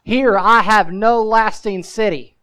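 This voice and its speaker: A male preacher voicing a stern adult Jesus who questions an eager follower, in a measured, probing way. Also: high voice, sharp tone, clean tone, heavily acted, low-quality recording.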